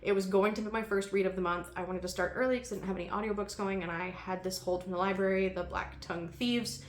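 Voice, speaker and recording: A woman's voice: medium pitch, fairly even intonation, fast talker, a little hiss or hum. Woman book vlogger, casual and chatty, laughs a lot, echoey room. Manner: chatty, laughs often, many ums. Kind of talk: casual chat.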